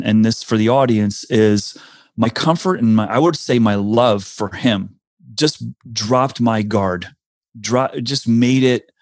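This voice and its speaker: A man's voice: mid-range voice, darkish tone, no echo, studio quality. A man, likely in his forties, telling a personal career story in an earnest, reflective way, often restarting his sentences. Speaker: speaker sharing a career story.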